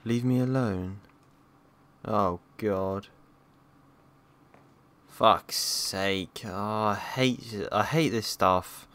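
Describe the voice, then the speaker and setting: Young guy, horror gameplay commentary, slow-talking, jumpy, swears a lot. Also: on the low side, a bit bright, smooth. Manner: jumpy, swears and yelps at scares. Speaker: gaming YouTuber.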